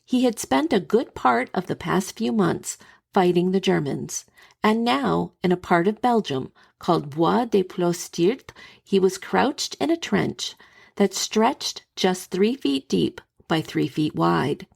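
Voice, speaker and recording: A woman podcast host reading a scripted historical narration in a measured, dramatic storytelling manner. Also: lowish voice, animated, gravelly, darkish tone, slightly rough.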